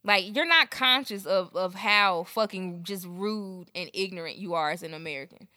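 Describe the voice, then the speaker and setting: A woman's voice: mid-range voice, moderate pace, no room sound, studio quality. Brash, profane woman podcast co-host. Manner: profane, animated storytelling. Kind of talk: casual chat.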